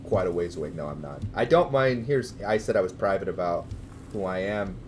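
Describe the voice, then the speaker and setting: A Californian American man with a lowish voice talks casually to his livestream chat. He rambles, hesitates and restarts his sentences, then jumps up into loud, cheerful hellos for the viewers. Faint ambient noise sits under his voice. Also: brisk. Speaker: gaming livestreamer.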